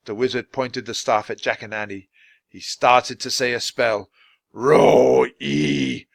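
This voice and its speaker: A man reads a children's chapter book aloud at a slow, deliberate pace for learners. His voice sits in a middle pitch. The recording is dry and close. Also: steady tone, pushed and bright, dry recording. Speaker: storybook reader.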